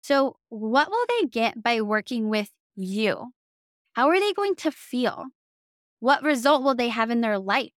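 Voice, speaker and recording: Young southern woman coaching, chatty and upbeat, bit high voice, dry close sound. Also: sing-song, measured pace, dry recording. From American South. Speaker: business coach. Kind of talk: casual teaching to camera.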